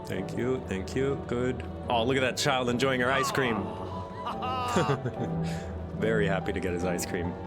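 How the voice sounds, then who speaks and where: A man's voice: mid-range voice, big pitch swings, a little slow, pauses often. A man casually commenting while he plays a video game, reading lines aloud and cooing at a pet. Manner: playful, reads game dialogue aloud, coos at pets. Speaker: streamer. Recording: game music playing behind.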